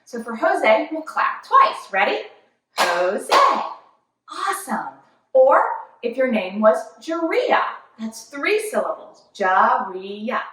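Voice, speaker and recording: A woman's voice: high voice, very animated, unhurried, fairly bright tone, slight background noise. A young woman leading a children's yoga class with a cheerful, sing-song, encouraging manner. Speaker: kids yoga teacher. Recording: very echoey room, voice from far off.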